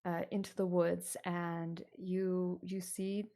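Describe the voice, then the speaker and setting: A woman running a tabletop horror game as game master, narrating in a relaxed, hesitant way with many fillers. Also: lowish voice, takes it slowly.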